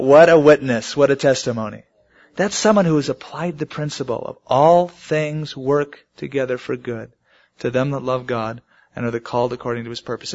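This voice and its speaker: A man's voice: mid-range voice, darkish tone. A man preaching a sermon, telling stories and rising emphatically on the key points. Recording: muffled lo-fi sermon recording.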